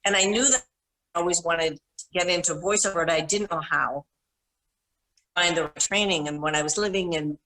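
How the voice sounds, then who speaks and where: Bright-voiced middle-aged woman telling stories. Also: lowish voice, fairly quick, long pauses, rough recording. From Minnesota. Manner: rambling, self-correcting, animated anecdotes. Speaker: panel guest. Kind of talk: casual storytelling.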